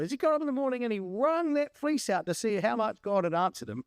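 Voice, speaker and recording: A man's voice: high-pitched, big pitch swings, fast talker, hardly any pauses, clean tone, no room sound, clean studio sound. A man leading a Bible study, preaching emphatically and speaking directly to his congregation. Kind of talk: sermon.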